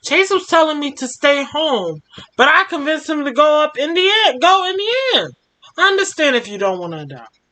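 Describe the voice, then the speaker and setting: A woman voicing a clumsy, guilty young male firefighter pup in a read-aloud story, speaking in a rushed, apologetic way. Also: high voice, very animated, bright, forceful tone, heavily acted.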